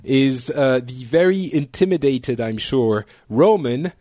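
A man hosts a relaxed international panel show, joking and teasing his guests with quick asides. His voice sits at an ordinary middle pitch, recorded close and dry with no room sound. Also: dry recording. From France. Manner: playful, teasing, quick to laugh. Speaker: podcast host. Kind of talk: casual panel chat.

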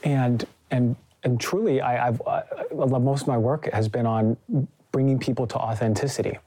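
A man's voice: mid-range voice, fairly even intonation, moderate pace, mellow. A young man hosting a podcast, telling a story animatedly with lots of fillers and acted-out quotes. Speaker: podcast host. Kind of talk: casual conversation.

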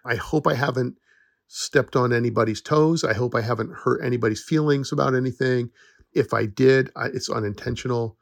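A man's voice: medium pitch, brisk, vocal fry, no room sound, studio quality. A middle-aged man hosting a podcast, talking in an earnest, reassuring way and laughing now and then. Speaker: podcast host, forest educator. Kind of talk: casual solo podcast talk.

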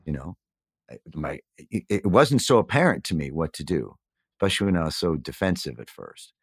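A middle-aged man being interviewed, speaking candidly and reflectively. He often pauses, uses fillers and restarts his sentences as he searches for words. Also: deep voice, big pitch swings, breathy edge, no room sound, studio quality. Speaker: guest.

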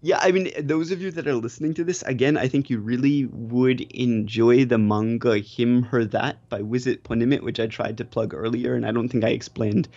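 A man as a guest in a casual interview, polite and measured, with frequent ums. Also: medium pitch, steady tone, mellow. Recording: dull lo-fi remote audio.

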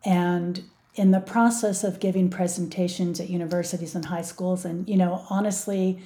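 A woman's voice: fairly low pitch, steady tone, moderate pace, mellow. A middle-aged woman speaking earnestly and with emphasis as an interview guest. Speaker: guest, mother of a victim. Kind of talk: interview conversation.

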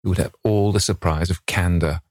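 A man's voice: low voice, steady tone, brisk, darkish tone, dry recording, clean studio sound, close to an everyday voice. A man voicing a witty, cynical Victorian aristocrat who drawls out languid epigrams.

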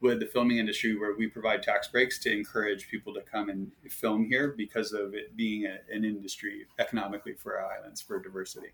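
A man from Hawaii who works on a ranch, chatting casually in an interview and telling stories with relaxed, frequent fillers. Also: lowish voice, brisk, gravelly, few pauses. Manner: storytelling, lively when amused. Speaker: ranch staff guest.

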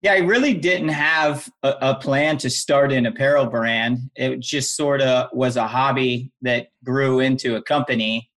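A man's voice: mid-range voice, fairly even intonation, a little slow, hardly any pauses, fairly bright tone. A man, a guest on a podcast, telling his story in an earnest, emphatic conversational way. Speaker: podcast guest, apparel brand founder.

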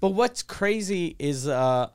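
A man's voice: sits high, animated, takes it slowly, darkish tone, clear, resonant tone. A man co-hosting a podcast in casual chat, telling rambling stories and swearing a lot. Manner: rambling storytelling, heavy swearing. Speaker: podcast co-host. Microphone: studio mic.

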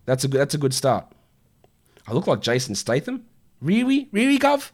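A man's voice: medium pitch, sing-song, fairly quick, a little mellow, breathy edge. A man in his thirties hosting a casual fantasy basketball stream, answering viewer questions in a blunt, exasperated way with plenty of swearing. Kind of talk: casual livestream Q&A.

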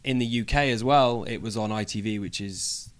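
A young man with a British accent chats easily in an interview, his voice sitting a little low. He jokes along and fills his pauses with "um", sounding relaxed and friendly. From United Kingdom. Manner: chatty, jokey, many "um" pauses. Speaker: wrestler, interview guest. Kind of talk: casual interview chat.

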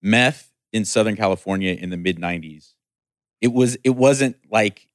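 A man's voice: fairly low pitch, normal speed, no echo, studio quality. A man co-hosting a casual conversation, chiming in with side remarks.

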